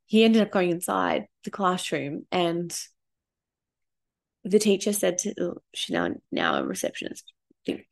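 A woman's voice: medium pitch, creaky. A woman in her thirties, a parenting coach telling personal stories in a casual, candid way, swearing freely and getting emotional. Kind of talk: casual storytelling vlog.

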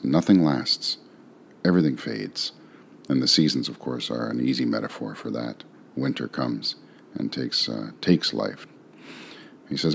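A man reading a sonnet aloud, then talking through its meaning in a relaxed, musing way with rhetorical questions. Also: a bass voice, measured pace, vocal fry. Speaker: poetry reader and explainer. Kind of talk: poetry reading and casual commentary.

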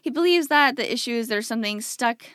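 A woman's voice: fairly high pitch, animated, quick pace, fairly bright tone, no room sound, studio quality. A young woman hosting a casual true-crime chat, talking loosely and acting out the people in her story. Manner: chatty, acts out people in quotes, lots of "like". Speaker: podcast host.

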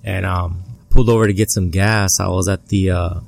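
A man telling a personal story as an interview guest, halting and repeating words, recorded outdoors at a family barbecue. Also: sits low, steady tone, creaky, a little mellow. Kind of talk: casual storytelling.

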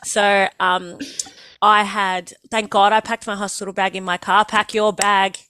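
A woman's voice: medium pitch, normal speed, clean tone, dry recording. A young Australian woman telling her birth story in a casual, joking way, acting out what people said. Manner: lively, joking, acts out quotes.

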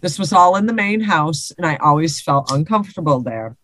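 A woman's voice: low-pitched, animated, brisk, fairly bright tone, dry recording. A woman co-hosting a podcast, chatting casually and reading listener stories aloud with laughs and swearing. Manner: laughing, swearing, repeats herself.

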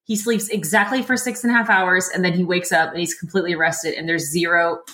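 A woman with a fairly low voice chats as an interview guest, animated and quick to laugh. Her voice rings in an echoey room. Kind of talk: casual interview chat.

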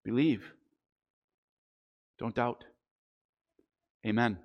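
A man preaching a sermon, earnest and deliberate, slowing down on the key phrases. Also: mid-range voice, lo-fi sound. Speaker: pastor.

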